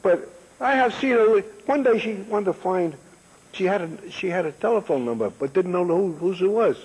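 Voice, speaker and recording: A man's voice: high voice, animated, moderate pace, a little mellow, slightly rough. A man in his eighties, a guest in a casual interview, telling rambling stories and joking and laughing often. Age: 80s. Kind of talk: casual chat. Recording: long echoing reverb.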